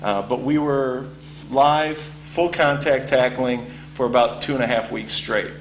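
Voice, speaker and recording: A former college football player telling a casual story with lots of ums and uhs. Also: male voice, mid-range voice, measured pace. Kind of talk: spoken anecdote to an audience. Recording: echoey room with faint hum.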